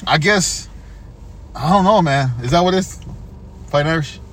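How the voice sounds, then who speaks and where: A man's voice: fairly high pitch, moderate pace, fairly bright tone, slight background noise. A man hosting a podcast who jokes crudely and laughs often during casual chat. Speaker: podcast host.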